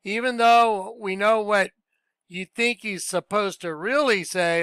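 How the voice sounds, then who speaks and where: A high-pitched man rants in a casual, scornful tone. His voice is smooth and clear, and the recording is dry and close. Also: unhurried, fairly bright tone, dry recording. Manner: blunt, scornful, conversational. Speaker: commentator reacting to clips. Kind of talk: casual ranting commentary.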